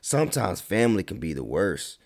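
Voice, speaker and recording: A man giving a casual motivational talk, animated, stretching words for emphasis and mocking his critics. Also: low voice, brisk, creaky.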